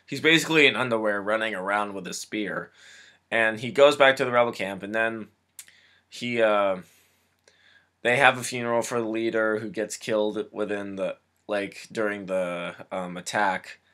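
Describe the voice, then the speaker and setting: Young man, casual movie recap, rambling, lots of fillers, gets excited. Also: fairly low pitch. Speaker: film reviewer.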